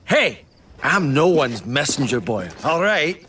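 An actor voicing a grumpy, impatient male ogre in an animated film, talking in a curt, bossy way. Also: fairly high pitch, slow pace, noisy background.

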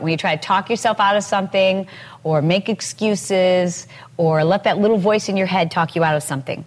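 A middle-aged woman hosting a motivational podcast, talking with energy and acting out quoted phrases in lively voices. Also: medium pitch, quick pace. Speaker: podcast host.

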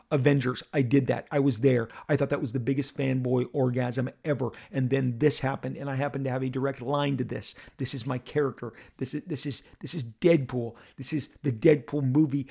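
A man with a gravelly, middle-pitched voice tells a story on his podcast. He talks in excited bursts and slips into other people's voices as he goes. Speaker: podcast host telling a story. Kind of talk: animated storytelling monologue.

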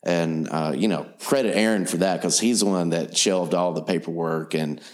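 A man's voice: sits low, moderate pace. A man, a film producer telling rambling stories in casual conversation. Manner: relaxed, rambling anecdotes. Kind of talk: casual storytelling.

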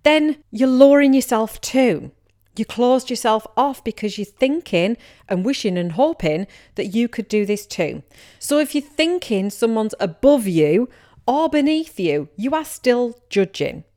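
A woman with a broad Teesside accent talks straight to her listeners in a relaxed solo podcast. She is candid and chatty, a business coach who drops into quick imitations of what people might be thinking about her. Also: a little high. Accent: Teesside English. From Teesside, England. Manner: candid, chatty, acts out imagined remarks from listeners. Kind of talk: casual solo podcast monologue.

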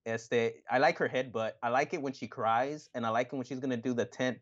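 A man co-hosting a casual wrestling chat, animated and profane, often acting out other people's lines. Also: mid-range voice, a little fast, highs cut off. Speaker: podcast co-host.

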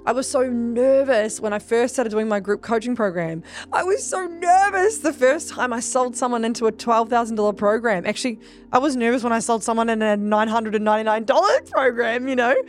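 A woman hosting a podcast as a business coach, talking in a quick, emphatic, casual way, filling her talk with "like" and swearing freely. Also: a little high, soft background music. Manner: rapid, emphatic, heavy "like" fillers, swears freely. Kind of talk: casual motivational monologue.

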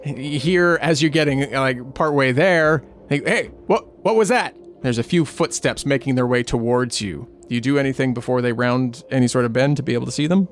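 Casting note: male game master, mid-pitched, halting delivery, many "uh"s and "like"s. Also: fairly even intonation, a little hiss or hum. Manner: halting, filler-heavy narration. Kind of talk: narrating a tabletop game.

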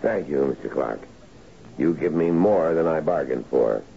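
A grateful, obsequious male official from a 1970s radio mystery. His voice is extremely deep, gravelly and very husky. The broadcast is dull and lo-fi. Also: animated, measured pace, mellow, full character voice. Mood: fawning. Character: fawning male official chairman. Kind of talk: 1970s radio drama acting.

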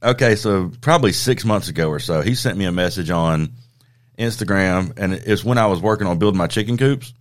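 A man with a fairly low voice hosts a podcast in a relaxed, easygoing way. He tells stories casually and laughs as he goes. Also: a little fast. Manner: easygoing storyteller, laughs often. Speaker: podcast host. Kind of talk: casual chat.

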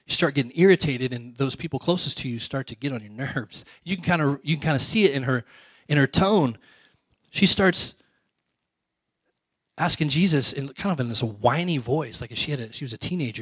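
A man's voice: medium pitch, husky, no room sound. Conversational male pastor, dry sound. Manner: conversational, quizzes the congregation, drops to soft quiet lines. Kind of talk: sermon.

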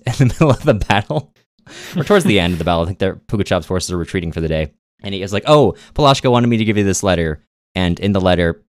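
A man's voice: deep voice, no room sound. A man co-hosting a podcast, casually retelling a novel's plot with wry, dry asides. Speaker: podcast co-host. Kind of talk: casual book recap.

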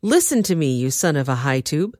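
A woman voicing a furious, suspicious king who shouts accusations at his officers, in a dramatized reading. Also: medium pitch, expressive, moderate pace, dry recording, studio quality, natural voice. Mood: accusing.

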